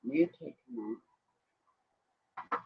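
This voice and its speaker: Chatty man on a lo-fi livestream. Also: drawn-out words. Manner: rambling, chatty, drifts between topics. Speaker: livestream host. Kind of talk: casual evening chat. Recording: dull lo-fi stream audio.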